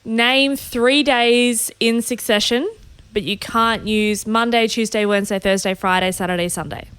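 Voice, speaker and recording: A woman co-hosting a podcast, chatting casually with quick, teasing reactions. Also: on the high side, steady tone, a bit bright, clean tone, no echo. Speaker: podcast co-host. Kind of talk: casual chat.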